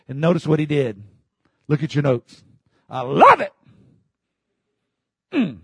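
A man preaching a sermon in a church, fervently, breaking into shouts and calling for the congregation to answer him. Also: a little high, wildly swooping pitch, a little slow, creaky, pauses often, breathy edge, no room sound. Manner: fervent preaching, bursts into shouts, call-and-response. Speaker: pastor.

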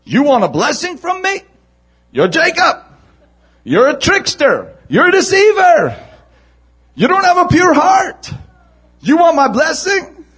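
A preacher doing a stern, accusing God. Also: male voice, very high voice, sing-song, a little slow, pauses often, fairly bright tone, pitched above the performer's own voice, exaggerated voice. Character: stern confronting God, male deity.

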